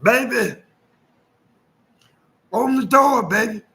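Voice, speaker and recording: A man's voice: very high voice, takes it slowly, vocal fry, bright, forceful tone, pitched above the performer's own voice, exaggerated voice. A man voicing a small drunk husband begging his wife to open the door. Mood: pleading.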